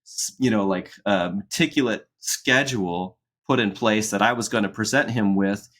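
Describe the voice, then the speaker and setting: A man co-hosting a casual podcast conversation, rambling along with frequent restarts and soft laughs. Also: on the low side, normal speed. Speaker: podcast co-host.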